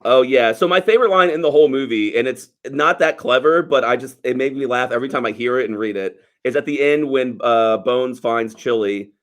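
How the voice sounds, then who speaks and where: A man's voice: mid-range voice, brisk, few pauses, fairly bright tone. Chatty man talking movies. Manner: chatty, laughs often, quotes lines in acted voices. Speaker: podcast co-host. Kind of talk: casual movie podcast chat.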